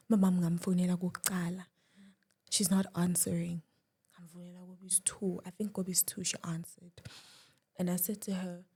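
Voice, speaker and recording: A young woman, a guest, telling a personal story with emotion, dropping to a hush at times and restarting her words. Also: mid-range voice, brisk, breathy edge. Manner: shifts between loud and hushed, restarts.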